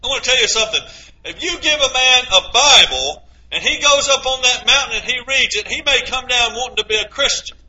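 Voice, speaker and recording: Bright high-voiced preacher man, lo-fi. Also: lively intonation, fairly quick. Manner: emphatic preaching with scripture quotes and rhetorical questions. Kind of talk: sermon. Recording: dull lo-fi recording.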